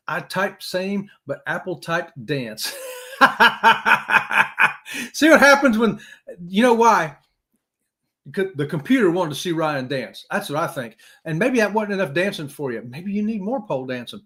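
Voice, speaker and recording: A man's voice: on the high side, sharp tone. A man hosting a casual live-stream chat, jokey and talkative, greeting viewers by name.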